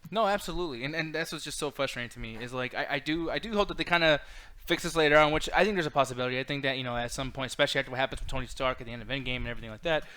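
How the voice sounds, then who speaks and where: A man's voice: medium pitch, very fast, pushed and bright, clear, resonant tone. A man co-hosting a casual pop-culture podcast, emphatic and swearing freely, reading chat comments aloud. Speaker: podcast co-host.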